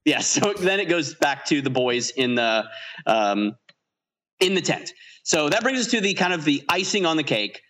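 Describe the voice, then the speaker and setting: A man's voice: a little high, very animated, moderate pace, a bit bright. A man co-hosting a podcast, animatedly retelling a film's scenes in casual chat and laughing often. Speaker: podcast co-host. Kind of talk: casual movie-review chat.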